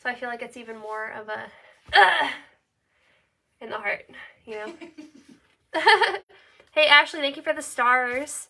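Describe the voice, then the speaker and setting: Upbeat woman host, crisp bright voice, a bit high, casual phone-mic stream in a shelter room. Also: moderate pace. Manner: giggly, chatty, thanks viewers by name. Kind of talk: casual livestream chat. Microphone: phone held in hand.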